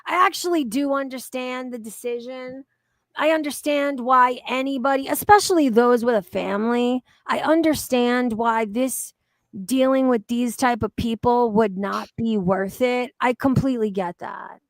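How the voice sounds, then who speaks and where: A woman's voice: on the high side, normal speed, dry recording, clean studio sound. Blunt, heated woman streamer. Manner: blunt, heated, swears a lot. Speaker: livestream host. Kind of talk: casual livestream chat.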